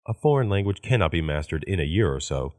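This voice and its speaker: A man reading English practice sentences aloud in a measured way for learners. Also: low voice, big pitch swings, darkish tone, no echo, clean studio sound. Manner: measured, repeats each sentence after the woman. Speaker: English phrase reader.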